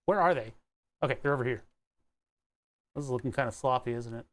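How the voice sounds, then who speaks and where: A man's voice: medium pitch, animated, fast, long pauses. A young man from the Delaware County area of Pennsylvania, talking casually to himself as he works on an electronics build, rambling and playful with words. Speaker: electronics hobbyist vlogger. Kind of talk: casual talk while working.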